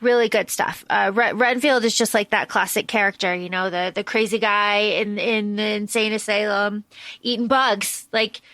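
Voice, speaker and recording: A woman's voice: medium pitch, moderate pace, no room sound. A woman hosting a podcast, eagerly retelling a story in casual chat, full of fillers and restarts. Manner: animated plot retelling with many fillers. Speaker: podcast host.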